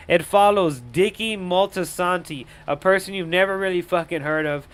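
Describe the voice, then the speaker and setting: A man's voice: high-pitched, measured pace, few pauses, clear, resonant tone. Crude, rambling young male movie reviewer. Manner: rambling, crude, laughs at his own jokes. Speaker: movie reviewer on a live stream. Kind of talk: casual, profane live-stream review.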